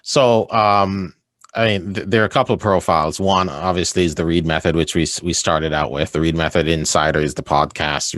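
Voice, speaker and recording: A man's voice: rumbling low, fairly bright tone, no echo, studio quality. A man speaking as a guest on an interview podcast, enthusiastic, laughing often and tagging his points with "right?". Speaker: guest, sales coach. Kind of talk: casual interview chat.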